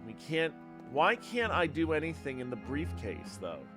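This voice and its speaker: A man's voice: a little high, huge pitch swings, normal speed, music in the background. A man streaming a game live, chatting wryly and thinking aloud. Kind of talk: casual live game commentary.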